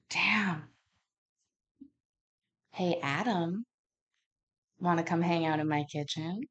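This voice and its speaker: A woman's voice: lowish voice, takes it slowly, pauses often, fairly bright tone. Crude, sarcastic woman commentator. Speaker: host commenting on court footage. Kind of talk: casual reaction commentary.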